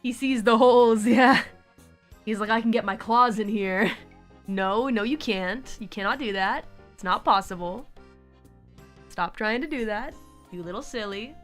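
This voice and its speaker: Playful woman streamer, higher voice. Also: a little slow, pauses often. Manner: playful, laughs often, coos at her cat. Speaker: livestream host. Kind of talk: casual live-stream chat. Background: faint background music.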